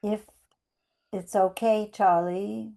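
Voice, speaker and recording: A woman in a class over a video call, patiently giving a fellow participant gentle advice. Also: medium pitch, steady tone, takes it slowly, vocal fry.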